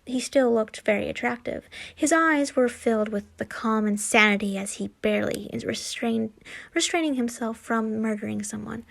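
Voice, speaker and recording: A woman's voice: fairly high pitch, vocal fry. A woman reading a fan fiction story aloud, stumbling and restarting often. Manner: halting, frequent slips and restarts. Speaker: fanfiction reader.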